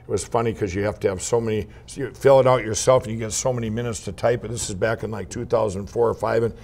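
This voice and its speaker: Gravelly-voiced man telling his story. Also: on the low side, fast talker. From Minnesota. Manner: rambling, animated anecdotes with laughs and restarts. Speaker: guest entrepreneur. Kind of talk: casual interview storytelling.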